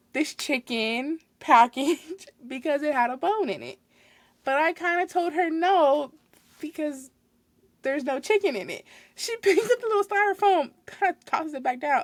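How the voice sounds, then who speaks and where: Young female host, lively storyteller, higher voice, dry and close. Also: no echo. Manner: animated, exasperated retelling with laughs. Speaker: podcast host. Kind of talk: casual storytelling.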